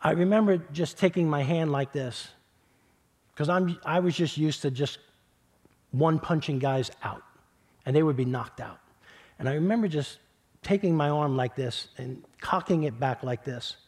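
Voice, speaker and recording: Middle-aged male pastor from New York, slightly high voice, conversational sermon storytelling with repeats and quiet hushed stretches. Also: moderate pace. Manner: conversational, repeats words, builds then drops to a hush.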